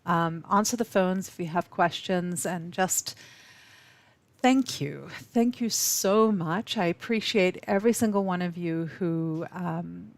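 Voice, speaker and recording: A woman from South Africa hosts a live webinar from an office, her voice a little low for a woman and recorded dry and close. She talks warmly and effusively, with many ums and restarts. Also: slow pace, dry recording. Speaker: webinar host. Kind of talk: live webinar talk to viewers.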